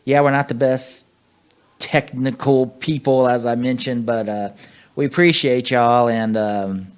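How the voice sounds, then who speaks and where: A man co-hosts a casual fantasy football podcast, rambling and joking with lots of fillers. His mid-range voice is smooth and steady, at a measured pace.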